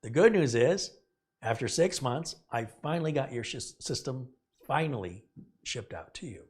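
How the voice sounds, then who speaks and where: A man's voice: medium pitch, moderate pace, husky. Man animatedly retelling a story. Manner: animated, acts out quoted dialogue, indignant. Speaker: host. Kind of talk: casual storytelling to a live audience.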